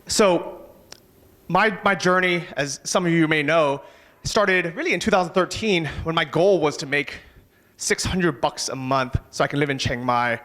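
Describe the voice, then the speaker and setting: A man giving a motivational talk on a conference stage, casual and energetic, swearing now and then. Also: a little high, moderate pace. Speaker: conference speaker.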